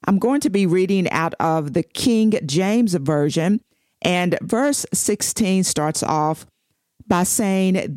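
A woman giving a devotional Bible teaching. She reads scripture slowly and deliberately and explains it verse by verse. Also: on the low side, lively intonation, a little mellow, dry recording, studio quality.

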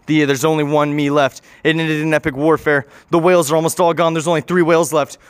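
A man's voice: a little high, flat delivery, a little fast, clear, resonant tone, no echo, clean studio sound. A man telling an improvised story in a rambling way, often correcting himself and adding joking asides.

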